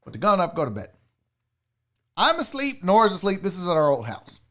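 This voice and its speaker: A man's voice: high-pitched, fairly quick. A man spins a personal story on his casual show, his voice rising and falling widely. He talks loosely, with restarts and the odd curse word. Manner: animated storyteller who swears casually. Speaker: sports show host.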